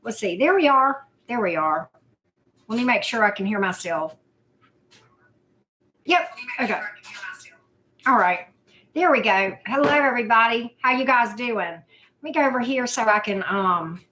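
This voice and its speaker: A woman's voice: fairly high pitch, fairly bright tone. A woman, hosting a casual live chat, greeting viewers by name in a loose, self-deprecating way. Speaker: livestream host.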